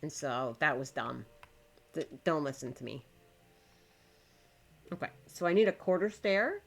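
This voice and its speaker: A woman's voice: sits low, expressive, a little slow, gravelly, soft background music. A woman streaming live, chatting casually to her viewers and to the game while she builds, swearing when it frustrates her.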